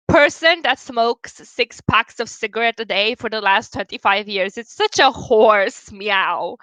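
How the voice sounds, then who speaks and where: A woman's voice: a little high, bright, forceful tone, dry recording. A young woman chatting casually with viewers on a livestream, giggling often as she reads and answers comments. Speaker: livestream host.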